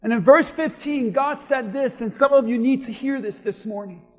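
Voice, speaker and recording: High-voiced preacher shouting in a hall. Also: male voice, moderate pace. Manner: impassioned preaching that builds to shouting. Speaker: pastor. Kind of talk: sermon. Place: church sanctuary.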